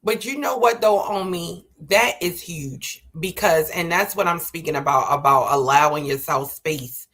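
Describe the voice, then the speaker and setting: A woman's voice: on the low side, unhurried, few pauses, a bit bright. A woman guest in a casual conversation, speaking in a reflective, encouraging way.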